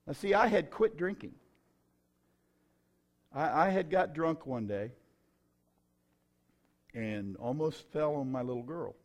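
A middle-aged man, preaching his own testimony in a folksy, emphatic way with sudden loud bursts. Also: a little high, takes it slowly, pauses often. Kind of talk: sermon testimony.

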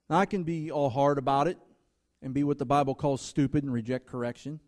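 A man with a mid-range, steady, darkish voice preaches fairly quickly as a guest speaker at a church. He stresses his points emphatically in rhythmic strings of short phrases, talking straight to those listening.

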